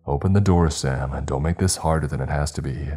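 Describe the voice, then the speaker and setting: A commanding male scientist in a horror story, stern and insistent, as a man puts him on. The voice is extremely low and mellow. Faint music sits in the background. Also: brisk, slightly rough. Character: cold, commanding male scientist in lab coat.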